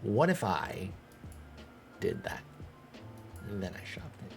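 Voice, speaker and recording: A man's voice: low voice, very animated, slow pace, vocal fry, music in the background. A man, thinking aloud in casual commentary as he manages a baseball team in a video game. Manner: thinking aloud, talking to himself and the players. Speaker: gaming streamer. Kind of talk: casual let's-play commentary.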